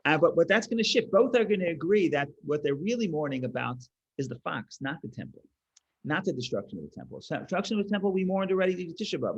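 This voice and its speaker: A man teaching a text-study class, explaining with animated emphasis, often restarting phrases and trailing off quietly. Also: fairly high pitch. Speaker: Torah teacher.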